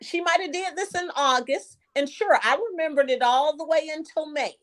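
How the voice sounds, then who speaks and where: High-pitched lady chatting on a stream, tells stories with lots of life. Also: moderate pace. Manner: animated storyteller. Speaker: livestream guest. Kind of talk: casual chat, storytelling.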